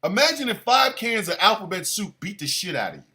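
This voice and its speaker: A man hosting a show, delivering a crude comedic rant with exaggerated, animated bursts of shouting. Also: sits high, a little fast. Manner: crude, playful. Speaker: show host.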